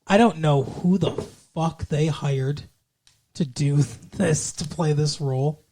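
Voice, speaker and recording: A man's voice: fairly high pitch, slow pace, warm tone. A man co-hosting a podcast, chatting casually about a TV episode, sarcastic and profane, breaking into sung lines and mock voices. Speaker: podcast co-host. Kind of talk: casual chat recapping a TV episode.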